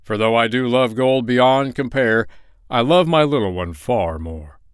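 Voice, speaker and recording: A man reading the part of a mighty, gold-loving bear lord who speaks out loudly in gratitude. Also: medium pitch, a little slow, smooth, dry recording, studio quality, close to an everyday voice. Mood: grateful.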